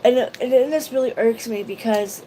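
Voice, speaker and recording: A woman's voice: a little high, moderate pace, warm tone, slight background noise, low-quality recording. A woman vlogger chatting casually on a livestream, rambling emotionally and greeting viewers by name. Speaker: YouTube vlogger.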